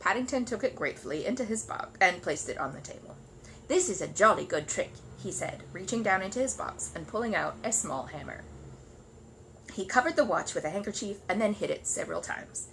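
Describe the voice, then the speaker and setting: A woman reads a children's book aloud in an expressive storytelling voice. Her tone is bright and her pitch moves a lot. A faint background hiss sits under the recording. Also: fairly quick, creaky. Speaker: storybook reader.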